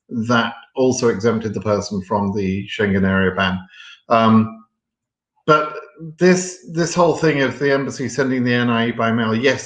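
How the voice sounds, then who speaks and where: A man with a fairly low voice hosts a live question and answer session, reading out viewer questions and answering them bluntly. He talks frankly and fills his sentences with ums and restarts. The sound is roomy, with a noticeable echo. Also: fairly bright tone, dull audio. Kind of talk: live Q&A stream.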